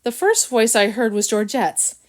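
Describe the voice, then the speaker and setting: A woman's voice: a little high, lively intonation, normal speed, a little mellow, natural voice. A woman voicing a clever, smug male cat detective who speaks in a dry, knowing way in a storybook. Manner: dry, knowing, smart-mouthed.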